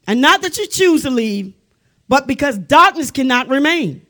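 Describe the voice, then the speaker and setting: A woman preaching a sermon with fervent emphasis, building to loud exclamations and sometimes dropping to a hush. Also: high voice, very animated, normal speed. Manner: drops to hushed tones for dramatic effect.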